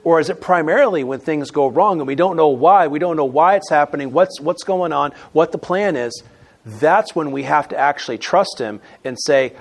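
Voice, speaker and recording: A man preaching a sermon as pastor, emphatic, moving between loud stressed words and quiet asides. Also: on the high side, moderate pace.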